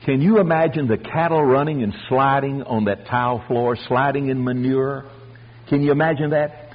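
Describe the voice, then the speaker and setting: An older man preaching a folksy storytelling sermon, animated and acting out the voices of the people in his stories. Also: mid-range voice, normal speed, muffled recording. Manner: animated, acts out voices, chuckles.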